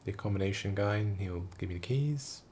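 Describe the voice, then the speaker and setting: A tired young man, quietly rambling through a casual story late at night in a vlog. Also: fairly low pitch, fairly quick, slight background noise. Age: young adult. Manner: hushed, quiet, rambling talk. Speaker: vlogger. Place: room indoors at night.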